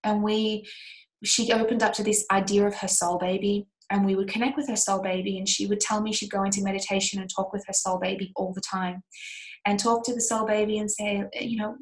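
Earnest woman teaching in a soft ramble. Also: medium pitch, flat delivery, fairly quick, rough recording. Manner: soft, earnest, rambling with frequent fillers and restarts. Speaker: holistic healing coach. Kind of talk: teaching a course, telling a client story.

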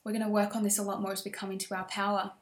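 A woman's voice: mid-range voice, level tone, rapid-fire, echoey room. A woman coach giving a motivational course lesson in a passionate, emphatic, affirming way. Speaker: women's empowerment coach.

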